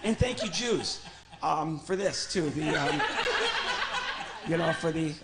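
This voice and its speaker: Man from illinois, ventriloquist comedian, chatty and joking, a bit high, noisy clicky recording. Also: animated, slow. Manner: chatty, joking, talks to his puppet. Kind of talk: live stand-up ventriloquism act. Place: church stage.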